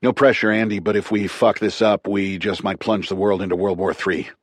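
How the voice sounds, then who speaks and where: A man's voice: lowish voice, fairly even intonation, a little fast, no room sound, studio quality, natural voice. A man voicing a tough former military man who talks in clipped, urgent, profane bursts. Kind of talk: audiobook character reading.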